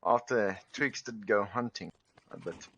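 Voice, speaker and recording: A man's voice: lowish voice, a little slow, creaky, husky, dull audio. A man giving live play-by-play commentary on an esports match. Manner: steady play-by-play. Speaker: esports caster. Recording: faintly noisy stream audio.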